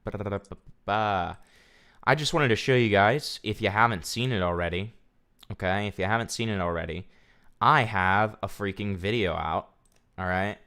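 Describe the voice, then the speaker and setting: A young man with a somewhat low voice chats casually on a livestream. He tells a story in a profane, ranting way, talking straight to his viewers. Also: normal speed, pushed and bright, clean tone. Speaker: streamer.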